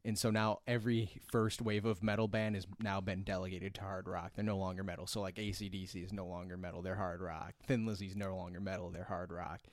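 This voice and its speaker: A man's voice: deep voice, flat delivery, fairly quick, few pauses, no room sound. A man from Minnesota co-hosting a casual chat, explaining his views earnestly and laughing easily.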